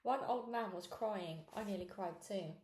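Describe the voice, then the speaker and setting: A woman reading a children's novel aloud in steady, clear narration. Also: medium pitch, moderate pace, reverberant. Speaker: storybook reader.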